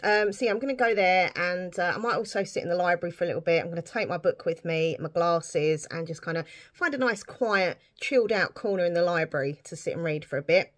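A woman's voice: on the low side, a little fast. A British woman talking to camera in a casual vlog, chatty and rambling with lots of fillers. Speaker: vlogger.

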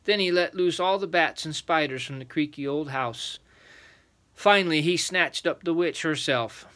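An older man reading a children's bedtime story aloud as a lively grandfatherly storyteller. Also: a little high, moderate pace.

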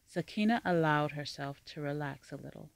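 A narrator reading a fantasy story aloud in a measured, even storytelling manner. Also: mid-range voice, gravelly, no echo. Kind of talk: scripted audiobook narration.

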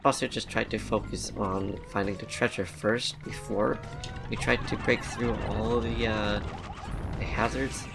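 Low gravelly dude rambling through a game, laughs a lot, says bro, game music playing loud behind him. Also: male voice, fairly even intonation, a little slow. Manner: chatty, rambling, laughs often, slangy. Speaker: let's play commentator. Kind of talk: casual gameplay commentary.

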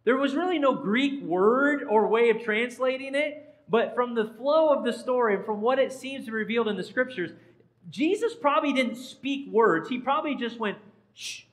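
A man's voice: very high voice, lively intonation, normal speed, rough recording. A man, a pastor, giving an interactive sermon in a church and quizzing the congregation by name in a playful way. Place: church sanctuary.

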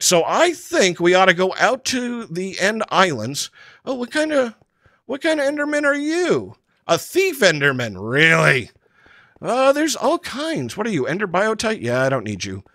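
A man giving excitable, jokey running commentary over his own block-building game, chatting to the creatures he meets. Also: on the high side, no echo. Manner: excitable, talks to the mobs he meets; frequent fillers and restarts, jokey. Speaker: gaming channel host. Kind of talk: Minecraft let's play commentary.

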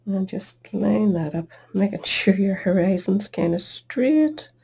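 A woman's voice: mid-range voice, expressive, slow, gravelly, dark tone, breathy edge. A middle-aged woman hosting a card-making tutorial, chatty and self-deprecating as she works at her craft table. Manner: chatty, self-deprecating, talks while working.

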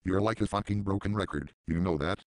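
A man with a very low, smooth, resonant voice, recorded dry and close. He delivers mocking commentary in a deadpan, sarcastic and profane way. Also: fairly quick, no echo. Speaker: commentary channel host.

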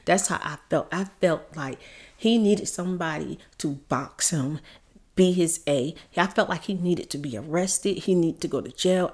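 A woman's voice: on the low side, a little mellow. A woman heatedly telling viewers a personal storytime, repeating herself. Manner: heated, repetitive, addresses viewers as y'all. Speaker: YouTube storyteller. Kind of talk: emotional storytime.

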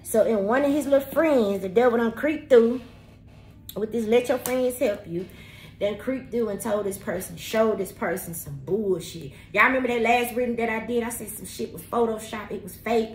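A woman's voice: fairly high pitch, normal speed. Woman tarot reader, blunt and cussing, straight to camera; echoey room, slight noise. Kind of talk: spirited tarot reading monologue. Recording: roomy echo with faint background noise.

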